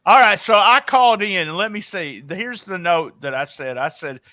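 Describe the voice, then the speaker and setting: A man's voice: sits high, moderate pace, pushed and bright, no room sound. A middle-aged man with a Southern US accent, a chatty podcast guest who laughs easily. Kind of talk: casual chat.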